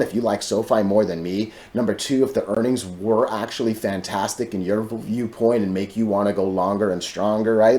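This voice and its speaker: A man with a somewhat low voice talks through stock charts in a casual commentary style. He is emphatic and repeats key points, breaking in with "listen" and checking in with "right?" as he goes. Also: a little fast, few pauses, a little mellow. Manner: emphatic and repetitive, often saying "listen" and "right?". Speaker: stock chart analyst host. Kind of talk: casual market commentary to viewers.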